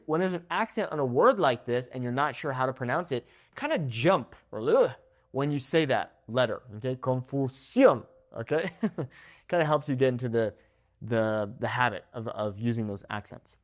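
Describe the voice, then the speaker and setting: A young man teaching Spanish pronunciation to camera, drawing out model words slowly and checking in with "okay?" after each one. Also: on the high side. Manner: slow, drawn-out model words, frequent "okay?" check-ins.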